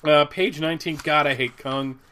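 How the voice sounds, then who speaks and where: A man's voice: on the high side, fairly even intonation, moderate pace, pushed and bright, clean tone. An American man in his forties, co-hosting a podcast, chatting loosely about comics with lots of restarts and chuckles. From United States. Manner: rambling, many restarts, chuckles at his own jokes. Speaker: podcast co-host. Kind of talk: casual chat about comics.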